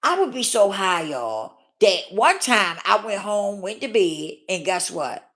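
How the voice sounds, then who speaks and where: A woman speaks candidly to her viewers in a storytelling vlog, her pitch swinging high and low as she stresses each point. She is blunt and unfiltered, and she keeps checking in with her audience. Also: very animated, unhurried, a bit bright. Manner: emphatic, talks straight to viewers with frequent 'okay?' and 'do you hear me?'; blunt and profane. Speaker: vlogger.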